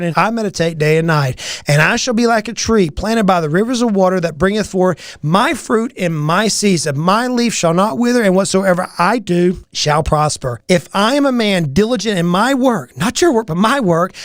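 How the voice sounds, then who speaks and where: A man's voice: sits high, no echo, clean studio sound. A man from the American South giving an emphatic, preacher-like motivational talk as a business coach, with repetitive cadence. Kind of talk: motivational talk, reciting a personal mantra.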